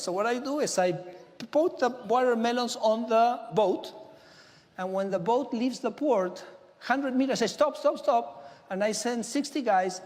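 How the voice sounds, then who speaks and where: Brief: male minister, Argentine Spanish accent in English, high pitched, lively anecdotal speech, reverberant hall. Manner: animated storytelling, frequent "okay?" asides. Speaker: government minister giving a speech. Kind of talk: speech to a business audience. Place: large conference hall.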